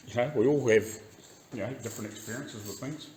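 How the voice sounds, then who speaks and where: In his garage workshop, a New Zealand-accented car restoration YouTuber rants casually as he works, swearing freely and laughing often. His medium-pitched voice is unhurried, with a little hiss or hum on the recording.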